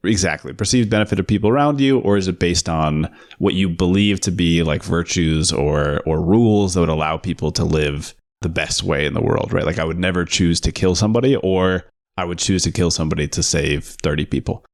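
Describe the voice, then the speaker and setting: Man, very low voice, thoughtful podcast co-host, casual film talk. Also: fairly quick. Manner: thoughtful, builds arguments step by step.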